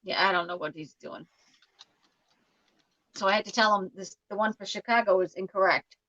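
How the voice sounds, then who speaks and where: A woman's voice: mid-range voice, moderate pace, sharp tone, no room sound. A woman chatting on a video call, explaining a problem step by step with mild exasperation. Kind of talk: casual chat. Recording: dull lo-fi dry sound.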